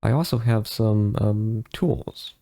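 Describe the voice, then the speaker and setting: A man's voice: on the low side, takes it slowly, mellow. A man reading aloud the lines of a burly male outfitter in armor, in a plain, matter-of-fact way. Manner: plain read-aloud delivery.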